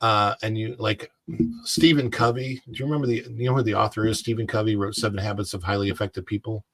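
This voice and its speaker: A man with a fairly low voice rambles through personal anecdotes as he co-hosts a casual live chat. The sound is dry and close, with no room echo. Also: steady tone, quick pace, a bit bright. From United States. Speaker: co-host.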